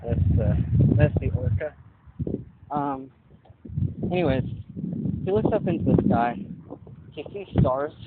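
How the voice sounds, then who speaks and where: A man's voice: medium pitch, lively intonation, unhurried, pauses often. A young man rambling while walking outdoors, thinking aloud with lots of fillers, recording a vlog on his phone. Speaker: vlogger. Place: outdoors walking along a street. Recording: tinny phone-like audio with noise.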